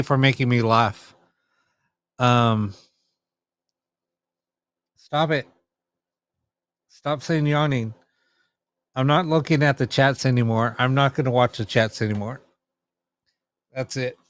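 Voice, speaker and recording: A man hosts a late-night live stream, chatting loosely with viewers and playfully scolding them. His voice is smooth and clear, at an ordinary middle pitch. The sound is dry and close, with no room around it. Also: moderate pace, pauses often, fairly bright tone, dry recording. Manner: chatty, laughing, teasing back at viewers. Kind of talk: casual chat with live chat viewers.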